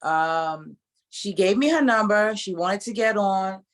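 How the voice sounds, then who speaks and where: A woman asking her coach a question on a group video call, hesitant and pausing with fillers. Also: medium pitch.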